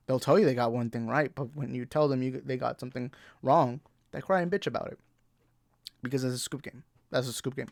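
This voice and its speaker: A man's voice: mid-range voice, fairly quick, vocal fry, no echo, studio quality. A young adult man hosting a movie talk show, ranting bluntly and profanely in exasperation. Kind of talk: heated ranting commentary.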